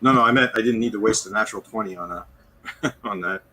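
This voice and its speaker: A man's voice: fairly low pitch, fast, pushed and bright, slightly rough, rough recording. A man playing in a tabletop game, matter-of-fact and a little hesitant as he reads out his rolls. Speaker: player. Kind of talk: casual tabletop game play.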